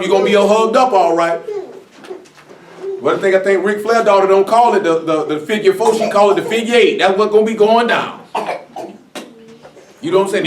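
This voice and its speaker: A man joking and preaching to a group, loud and slangy, acting out quick voices. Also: high voice, slight background noise. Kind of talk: joking, preaching Bible study. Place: room with a group. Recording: echoey room, far mic, crowd. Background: people laughing.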